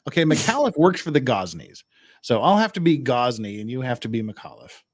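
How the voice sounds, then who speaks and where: A man hosting a legal commentary podcast, animated and quick to laugh while setting up a transcript reading. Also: medium pitch, dry recording, clean studio sound. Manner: animated, laughs often, joking. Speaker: podcast host.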